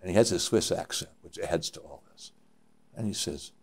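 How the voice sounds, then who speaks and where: An older man, a mountaineer, telling stories from his climbs in an interview, animated and full of halting restarts. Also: sits low, gravelly, husky. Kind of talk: reminiscing interview.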